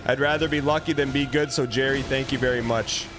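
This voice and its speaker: A man live-streaming a video game, chatting casually and teasing his chat with quick comebacks. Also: medium pitch, fairly even intonation. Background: game music.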